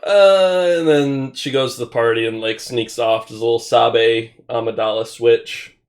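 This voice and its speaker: A young man co-hosting a podcast, rambling through a plot summary with quick asides. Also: medium pitch, steady tone. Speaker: podcast co-host. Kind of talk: casual chat.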